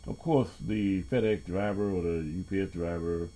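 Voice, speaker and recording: A man with a low, mellow voice hosts his own podcast in a loose, profane monologue, speaking at a moderate pace with a steady tone. He laughs often and jumps between topics.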